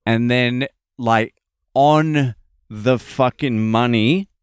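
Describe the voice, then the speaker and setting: An Australian man tells a comic story into a close podcast mic with a smooth, clear voice. He takes his time, swears freely and punches every point with emphasis. The sound is dry, with no room behind it. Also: medium pitch, extremely slow, dry recording. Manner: animated, profane, emphatic. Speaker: podcast host, comedian. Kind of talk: casual comedic storytelling monologue.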